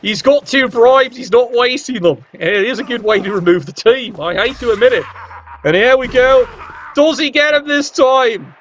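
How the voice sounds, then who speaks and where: A man's voice: extremely high pitch, moderate pace, slight background noise. A man giving cheeky match commentary on a video game, full of wry asides and casual swearing. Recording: dull lo-fi sound.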